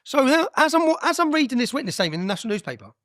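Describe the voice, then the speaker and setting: A man's voice: very high voice, big pitch swings, very fast, fairly bright tone, dry recording, studio quality. A man, a guest on an interview podcast, telling his story bluntly and with energy, with frequent "yeah?" tags and some swearing.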